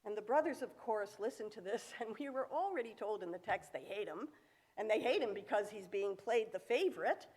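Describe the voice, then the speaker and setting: In an echoey synagogue sanctuary, a woman delivers a sermon, telling a story with vivid acted-out quotes and rhetorical questions. Her mid-range voice is expressive, brisk, darkish, and slightly rough.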